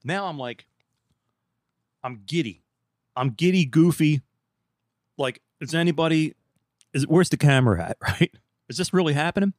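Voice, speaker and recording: A male podcast host telling a story in a casual, animated way, acting out the dialogue and laughing often. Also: fairly high pitch, normal speed, long pauses, no room sound, clean studio sound.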